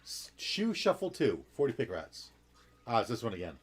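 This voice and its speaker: A man's voice: mid-range voice, wildly swooping pitch, normal speed, breathy edge. A man casually commenting on a video game, reading the text aloud and talking himself through puzzles. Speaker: let's play gamer.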